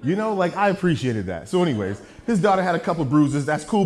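Man, preacher, storytelling sermon, joking, very lively pitch. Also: fast talker, few pauses, crowd noise.

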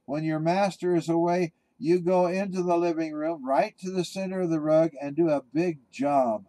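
A brash, teasing male bulldog with a cocky swagger, as a man puts him on. The voice sits a little high and pushes forward loudly, with a warm mellow tone. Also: steady tone, normal speed, dry recording, close to an everyday voice, rough recording. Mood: scheming.

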